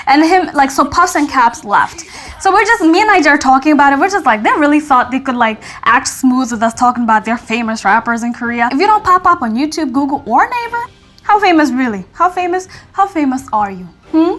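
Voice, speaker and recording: A young woman casually telling a story to her viewers, chatty and animated, acting out what people said. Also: high voice, a little fast, faint music behind. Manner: chatty, animated, acts out quotes, frequent "like".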